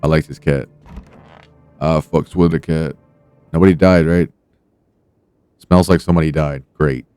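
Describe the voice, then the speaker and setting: A laid-back man comments wryly on a game during a live stream, with casual swearing. His voice is deep and mellow. Faint game music plays behind him. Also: fairly even intonation, measured pace, long pauses, clear, resonant tone, dry recording.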